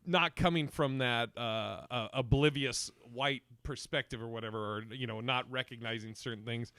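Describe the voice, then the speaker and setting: A young man hosting a casual comedy podcast, talking in an animated way, laughing often and acting out the people he quotes. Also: medium pitch, normal speed, smooth, dry recording, studio quality. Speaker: podcast host.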